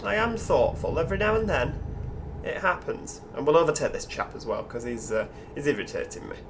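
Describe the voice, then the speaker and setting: A man's voice: on the high side, very animated, fairly quick, noisy background. A man with a Yorkshire accent hosting casual gameplay commentary, chatty, musing aloud and talking to the other drivers. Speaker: gaming channel host.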